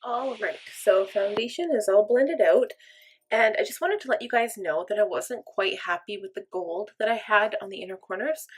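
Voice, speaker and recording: Her voice is medium in pitch and husky as this young makeup vlogger chats through a tutorial. She keeps it casual, upbeat, and self-deprecating.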